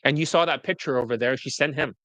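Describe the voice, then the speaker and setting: A man's voice: mid-range voice, fast talker, a bit bright, no echo. A man, a dating coach, telling stories to an interviewer in a blunt, profane, rambling way. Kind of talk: casual storytelling to an interviewer.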